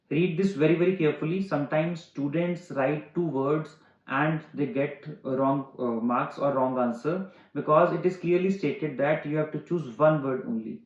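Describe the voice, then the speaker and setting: Man teaching exam reading, fairly high voice. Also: reverberant, lo-fi sound. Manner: explains step by step, restating words in simpler terms; frequent "uh" fillers. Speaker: IELTS teacher. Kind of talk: online exam-prep lesson.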